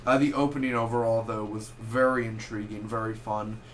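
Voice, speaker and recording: A man's voice: lowish voice, slight background noise. A young man giving a casual spoken movie review, rambling and correcting himself as he goes. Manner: rambling, self-correcting, animated with quick asides.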